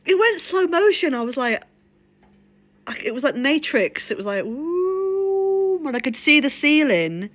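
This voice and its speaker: A woman's voice: sits high, animated, normal speed, a bit bright, no echo. A woman live-streaming while shaken and trembling after a fall, talking in rambling, repeated, restarting bits with some swearing, from the floor of her home. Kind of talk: unscripted live-stream talk.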